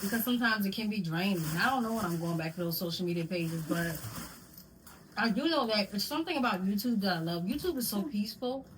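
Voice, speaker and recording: A woman talks to her viewers from home in a loose, rambling vlog and stumbles into restarts. Her voice sits at an ordinary middle pitch. A faint hum of room noise hangs behind her. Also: lively intonation, fast talker, low-quality recording. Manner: addresses viewers with "y'all". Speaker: vlogger. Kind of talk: casual chat to camera. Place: home at night.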